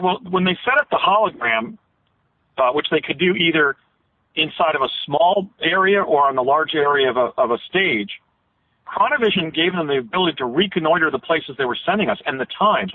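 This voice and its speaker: A man's voice: on the high side, animated, brisk, no echo. A man guest on a radio interview, telling long rambling recollections with frequent restarts. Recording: tinny phone line.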